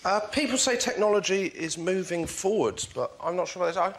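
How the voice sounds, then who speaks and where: A man's voice: high voice, lively intonation, a little fast, a little hiss or hum. A man doing an exasperated stand-up routine on a TV panel show, telling his story in a fretful way. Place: TV studio with a live audience.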